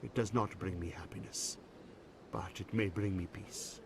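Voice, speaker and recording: A man voicing a grieving widower in a video game, speaking softly in a slow, formal way. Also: sits low, steady tone, a little hiss or hum. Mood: solemn.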